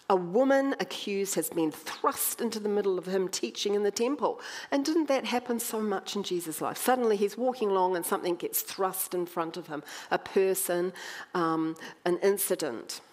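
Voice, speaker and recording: A woman preaching a sermon, conversational and animated, with wry humour as she tells the story. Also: on the low side.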